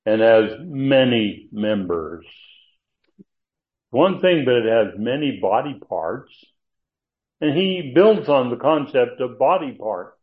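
A man's voice: mid-range voice, expressive, slow. Emphatic male Bible teacher, tinny sound. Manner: emphatic, stressing key words, with asides and restarts. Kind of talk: expository sermon.

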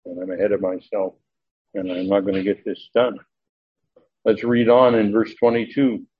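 A man preaching a verse-by-verse sermon in an earnest, emphatic way, often restarting and pausing on filler sounds. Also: on the low side, creaky, breathy edge. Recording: narrow, tinny phone-like sound.

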